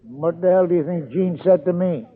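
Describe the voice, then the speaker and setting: Older man, AA speaker, earthy storyteller, high voice, lo-fi phone-like sound. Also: moderate pace, slightly rough. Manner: earthy storytelling, acting out dialogue. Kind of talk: personal recovery story. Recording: tinny lo-fi archive recording.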